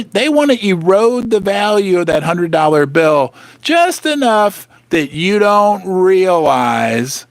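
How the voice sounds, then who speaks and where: A man's voice: a little high, dry recording. A man hosting a livestream, reading news aloud and ranting in a sarcastic, emphatic, indignant manner. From United States. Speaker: host.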